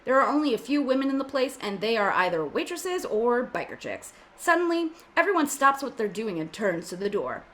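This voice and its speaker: A woman's voice: fairly high pitch, big pitch swings, fairly quick, hardly any pauses, a bit bright. A woman reading the stage directions aloud in an amateur script reading, adding joking asides as she goes.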